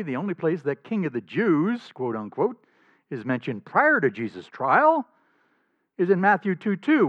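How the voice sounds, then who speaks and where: A male pastor preaching a sermon in an emphatic, animated way, often chuckling between points. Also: a little high, no echo. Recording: slightly dull dry recording.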